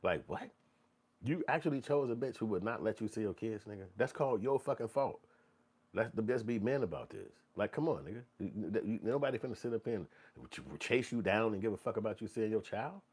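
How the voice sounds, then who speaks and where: A man's voice: fairly low pitch, fairly quick, husky. A man hosting a commentary show, ranting bluntly and profanely and mocking people in put-on voices. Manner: blunt, animated, swings into mocking quoted voices.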